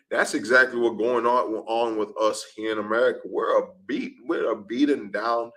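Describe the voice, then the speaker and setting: A man's voice: medium pitch, steady tone, normal speed, hardly any pauses, fairly bright tone, poor audio. A man preaching in a street-talk class, emphatic and repetitive, often ending lines with "man". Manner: emphatic, repeats "man", acts out scenes. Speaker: class speaker.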